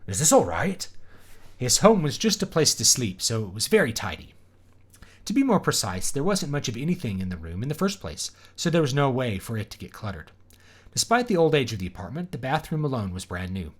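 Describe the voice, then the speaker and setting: Lively man reading aloud. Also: medium pitch, fairly quick. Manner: wry, laughing asides. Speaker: author reading aloud on a livestream. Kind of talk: casual live reading with chat banter.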